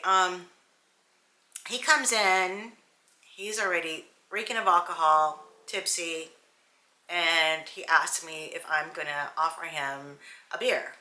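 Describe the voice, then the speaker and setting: Woman hairstylist, chatty and candid, bright voice, roomy sound. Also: lowish voice. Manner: candid, animated, digressive. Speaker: hairstylist and salon owner. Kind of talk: casual storytelling vlog. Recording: roomy echo.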